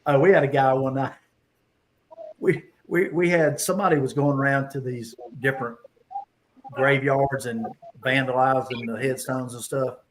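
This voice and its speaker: A man's voice: medium pitch, steady tone, normal speed, slight background noise, rough recording. A man hosting a casual hangout and telling rambling police stories, laughing as he goes. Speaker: host. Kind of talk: casual storytelling, police anecdotes.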